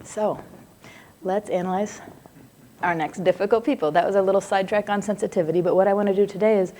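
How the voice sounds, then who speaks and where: A woman's voice: mid-range voice, fairly even intonation, fast talker, mellow, slight background noise. Chatty woman teaching a psychology class. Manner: conversational, digressive, laughs easily. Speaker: psychology lecturer. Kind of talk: live class lecture.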